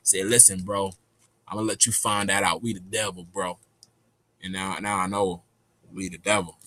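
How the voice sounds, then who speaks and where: A man telling a rambling, animated, slang-heavy story in a casual spiritual monologue. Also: medium pitch, no room sound.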